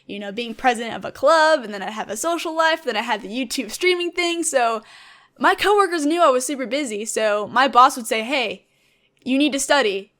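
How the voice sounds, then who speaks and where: Young woman in her 20s, casual gamer vlog chat, upbeat and animated, kinda high voice. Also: a little fast. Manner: chatty, enthusiastic, animated storyteller. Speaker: gaming YouTuber and streamer.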